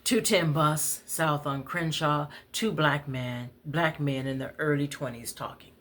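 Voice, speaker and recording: A woman's voice: low-pitched, unhurried, a bit bright. A woman poet reading her bus stories aloud, conversational with wry asides. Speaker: poet, storyteller. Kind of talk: spoken-word story reading.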